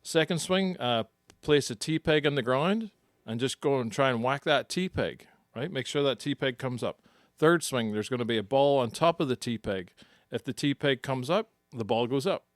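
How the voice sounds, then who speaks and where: A man who co-hosts a podcast and coaches golf, explaining his drill step by step in a relaxed chat. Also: medium pitch, normal speed, no echo, studio quality.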